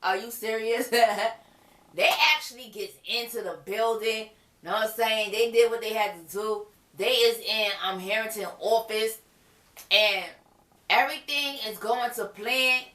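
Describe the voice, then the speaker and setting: A woman talks through a TV episode in a loose, chatty recap, animated and exclaiming. Her voice is fairly high and bright with a sharp edge. The sound is echoey, as if recorded in a bare room. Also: a little slow. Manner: animated, exclaiming, laughing between remarks. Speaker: TV episode reviewer. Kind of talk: casual recap chat.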